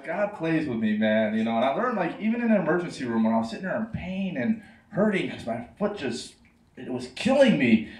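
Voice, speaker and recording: A stand-up comic, his voice sitting a little high for a man. He rambles and mocks himself with quick asides to the crowd. The sound is roomy and distant, taken from a camera out in the club. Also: very animated, a little mellow. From New York. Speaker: stand-up comedian. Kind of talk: stand-up comedy set. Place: comedy club stage. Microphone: handheld stage mic heard from the room camera. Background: audience laughter.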